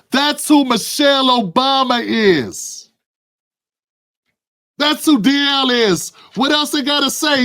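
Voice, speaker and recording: A man with a notably high-pitched voice delivers fiery political commentary. He preaches more than he chats, stacking rhetorical questions and calling out to a co-host by name. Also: fairly bright tone.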